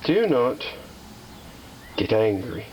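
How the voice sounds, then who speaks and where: A man vlogging while restoring a slot machine, chatty and self-deprecating, talking to viewers and repeating calming phrases to keep himself from getting mad. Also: fairly low pitch, slow pace, a little hiss or hum, low-quality recording. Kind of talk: casual workshop vlog.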